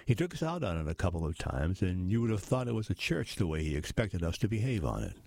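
A man's voice: sits low, very animated, quick pace, gravelly, a little mellow, dry recording, heavily acted. A man reading aloud, voicing an easygoing, wry middle-aged ex-musician in an audiobook. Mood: reminiscing. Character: genial middle-aged male ex-musician, put-on Irish lilt.

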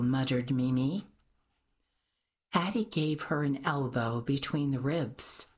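Woman reading an audiobook, slow and husky, takes her time. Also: rumbling low. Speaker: audiobook narrator. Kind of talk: scripted narration.

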